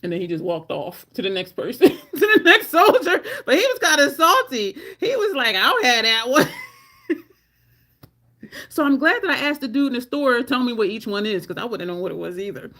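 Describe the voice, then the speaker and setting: A middle-aged woman telling personal stories casually, laughing often and mimicking others in a squeaky voice. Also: a bit bright. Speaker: storytelling vlogger.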